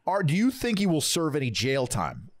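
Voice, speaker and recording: A man's voice: on the high side, wildly swooping pitch, normal speed, no echo, clean studio sound. A man co-hosting a podcast, teasing and egging on a guest. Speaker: podcast co-host. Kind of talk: joking podcast banter.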